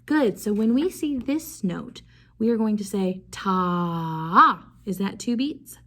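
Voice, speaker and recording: A young woman music teacher giving a video lesson to young children, slow and encouraging, prompting them to repeat after her. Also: mid-range voice, lively intonation, pushed and bright.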